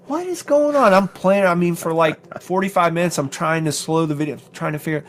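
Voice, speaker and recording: A middle-aged man co-hosting a studio talk show, telling a long story in a casual, animated way and jumping high in pitch when he quotes himself. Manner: animated storyteller, acts out his own quotes with rising pitch. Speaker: podcast co-host.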